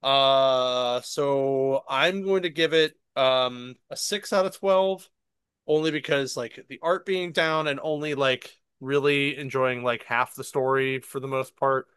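A man's voice: mid-range voice, takes it slowly, a bit bright, clear, resonant tone, no echo, clean studio sound. A man casually recapping and reviewing a comic book on a podcast, rambling with fillers and laughing often.

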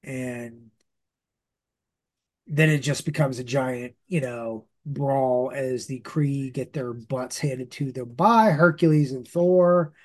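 A man's voice: mid-range voice, slow, a little mellow. A man hosting a podcast, casually recapping a comic book story with lots of fillers and restarts. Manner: rambling, many fillers and restarts. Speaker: podcast host.

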